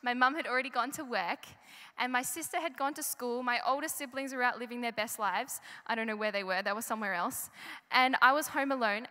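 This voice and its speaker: A woman's voice: a little high, bright, forceful tone. A young woman giving a chatty children's talk in a church service, asking the audience questions. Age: young adult. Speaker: children's story presenter. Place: large church hall. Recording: live church recording with long reverb.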